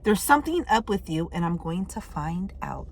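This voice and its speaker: A woman reading tarot messages in casual chat, candid and loose, swearing freely and reacting out loud. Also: fairly low pitch, big pitch swings, normal speed, creaky, slight background noise. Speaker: tarot reader.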